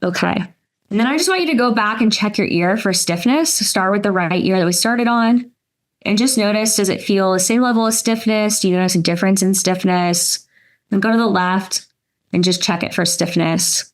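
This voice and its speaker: A woman presenting a nutrition workshop, gently talking listeners through an exercise step by step with casual fillers. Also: mid-range voice, normal speed. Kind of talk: guided exercise instruction.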